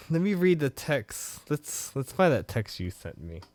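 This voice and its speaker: Man, podcast co-host, casual chat, animated, swears freely, dry close sound. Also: a little high, a little slow, no room sound. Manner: animated, swears freely, bursts into loud laughs.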